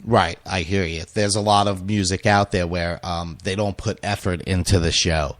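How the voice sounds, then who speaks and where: A male radio host with a very low voice that is going hoarse. He rambles through casual questions, full of fillers and restarts. The sound is dry and close. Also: steady tone, normal speed, no room sound. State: losing his voice. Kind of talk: casual interview chat.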